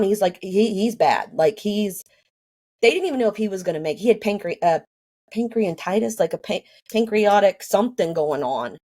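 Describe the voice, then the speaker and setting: A woman's voice: medium pitch, animated, normal speed, a little mellow. A woman telling her own story casually, rambling with many fillers and acting out what people said. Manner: rambling, lots of fillers, acts out quoted dialogue.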